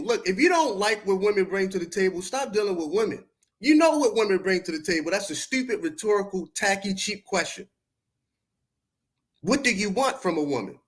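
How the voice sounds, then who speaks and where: A man from Baltimore, speaking with a Baltimore accent, tears into his chat on a home livestream. His voice sits noticeably high. He lectures in a confrontational, profane street style with a preacher's cadence. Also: fairly bright tone. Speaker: podcast host. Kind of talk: heated livestream rant at chat.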